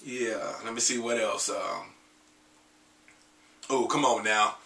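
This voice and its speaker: Male R&B singer, 30s, profane casual chatter, bright tone, unhurried, slightly hoarse from a cold. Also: lowish voice, reverberant, distant mic. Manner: loose, profane, joking chat between sung snippets. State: getting over a cold. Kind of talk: casual vlog with singing.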